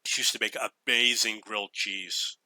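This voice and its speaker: Male gaming YouTuber, casual storyteller, chuckles and restarts; very bright tone, dry recording. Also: lowish voice, fairly even intonation, moderate pace, dry recording. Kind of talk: casual storytelling over gameplay.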